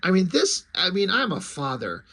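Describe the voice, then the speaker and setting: A man talks through a comic book page by page in a voice that sits a little high. He sounds excitable and curses freely. He often trails off and starts his sentences again. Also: normal speed. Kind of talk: casual comic book read-through and commentary.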